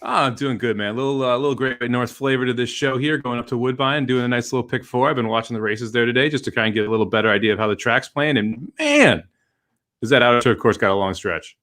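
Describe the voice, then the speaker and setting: A man co-hosting a casual podcast, animated and teasing, laughing often. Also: mid-range voice, fast. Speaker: podcast co-host. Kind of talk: casual chat about horse racing.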